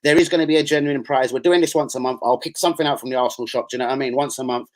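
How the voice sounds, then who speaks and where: A man's voice: medium pitch, racing, a little hiss or hum. Slangy man hosting a live stream. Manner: rambling, slangy, reads out viewer comments. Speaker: football channel host. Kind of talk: casual live stream chat.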